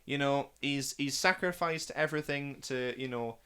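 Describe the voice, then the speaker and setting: A man's voice: mid-range voice, moderate pace, sharp tone, smooth. A man in a casual podcast chat, talking about a film with rambling, enthusiastic gushing. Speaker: film review podcast guest watching for the first time.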